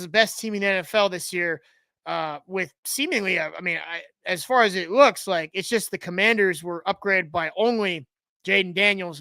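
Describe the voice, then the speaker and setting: Sharp-voiced sarcastic sports talk host. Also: male voice, sits high, dry recording. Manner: opinionated, rambling and sarcastic, with frequent restarts. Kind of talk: live-streamed sports talk.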